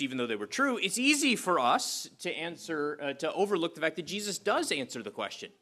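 A man giving a sermon as a pastor, moving from scripture reading and prayer into a conversational talk full of "uh" fillers. His voice sits a little high and rings bright and forceful.

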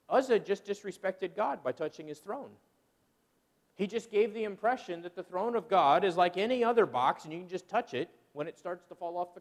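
A middle-aged pastor preaching with a high, lively voice that swings widely in pitch. He acts out people's excuses in quoted voices, and his words ring with the long reverb of a church hall. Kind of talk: sermon.

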